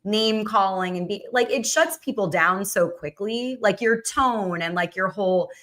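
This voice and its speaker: A woman's voice: mid-range voice, a little slow, fairly bright tone. A woman hosting a casual political chat, talking loosely with many fillers and restarts. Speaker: host.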